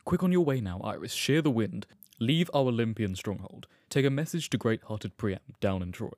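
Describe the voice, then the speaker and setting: A man's voice: mid-range voice, animated, normal speed, a little mellow, dry recording, studio quality, close to an everyday voice. A man voicing the commanding king of the gods, issuing orders in a dramatic audiobook reading. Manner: commanding, declamatory.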